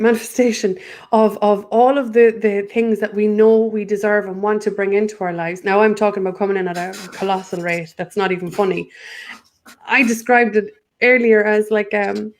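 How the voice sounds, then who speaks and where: A woman, a guest in a casual spiritual chat, who rambles, restarts and repeats her words. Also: mid-range voice.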